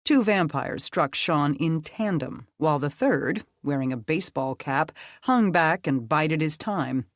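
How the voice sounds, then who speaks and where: An audiobook narrator reading a dark fantasy story in a steady, measured way. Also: medium pitch, dry recording, clean studio sound.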